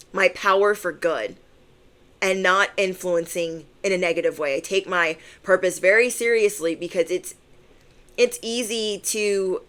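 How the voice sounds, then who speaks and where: A young adult woman, a tarot reader, chatting casually to camera, playful and acting out the people in her stories. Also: medium pitch. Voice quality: animated, playful, acts out voices.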